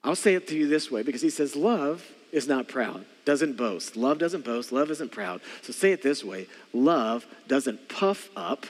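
A man preaching a sermon in a church, talking conversationally to the congregation, repeating key phrases and slowing down to stress them. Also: medium pitch, sing-song, long reverb tail. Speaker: pastor.

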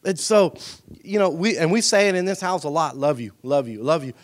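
A man preaching a sermon in a church, dropping to a hushed, intimate voice and then rising to shouted emphasis, often calling out to the congregation for a response. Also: a little high, fairly quick. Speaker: pastor. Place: church sanctuary.

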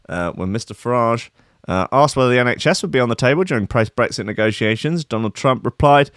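A man's voice: mid-range voice, animated, fast, a bit bright, dry recording, clean studio sound. A man hosting a show, reading news items aloud and breaking off for joking asides. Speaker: podcast host. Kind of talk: comedic news commentary.

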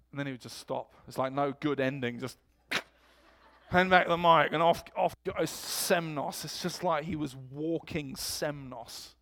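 Male preacher, slightly high voice, lively storytelling sermon. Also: moderate pace. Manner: storytelling, animated quotes. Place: church.

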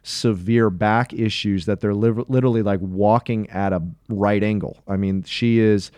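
Casual faith-podcast co-host, man, mellow and dry-sounding, earnest and rambling, corrects himself often. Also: lowish voice, fairly even intonation, moderate pace, dry recording. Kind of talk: casual Bible discussion.

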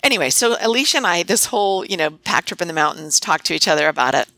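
A woman's voice: fairly low pitch, expressive, fast, vocal fry, pushed and bright, dry recording. A middle-aged woman, a veterinarian, telling stories in a casual podcast conversation with many restarts. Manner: chatty, storytelling with many restarts. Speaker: veterinarian and guest.

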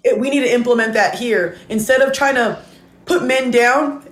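A woman's voice: a little high, normal speed, echoey room, a little hiss or hum. A woman content creator giving a blunt, indignant reaction commentary, talking straight to her viewers. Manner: talks while eating.

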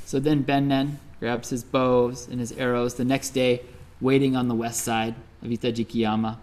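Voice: mid-range voice, normal speed. A Buddhist minister telling a teaching story in a conversational sermon, often checking in with "right?". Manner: conversational, lively, with frequent "right?" asides.

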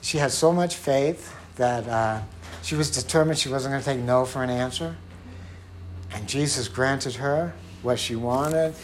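This man preaches with earnest, conversational warmth, giving each quoted voice its own character and falling to a quiet low tone on key phrases. His delivery is measured, with a faint hiss or hum present.

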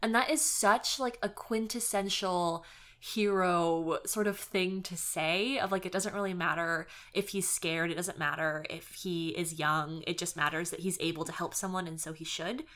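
A woman in a casual book discussion who speaks earnestly and warmly of what she read. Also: fairly low pitch, steady tone, moderate pace. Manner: earnest, reads quotes aloud.

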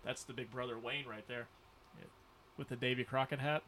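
A man's voice: medium pitch, steady tone, brisk, fairly bright tone, slight background noise. A man co-hosting a casual movie watch-along, rambling and joking with swearing. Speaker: podcast co-host.

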